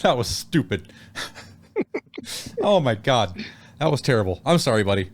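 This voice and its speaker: A man hosting a casual podcast, who introduces guests in a loud, showy announcer style and laughs easily. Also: mid-range voice, sing-song, a little slow. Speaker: podcast host. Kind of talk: casual chat, comedic intros.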